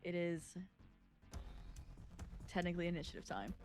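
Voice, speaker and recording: A woman's voice: fairly low pitch, expressive, normal speed, a little mellow, faint music behind. A woman narrating a tabletop game as game master, describing scenes in detail with small slips.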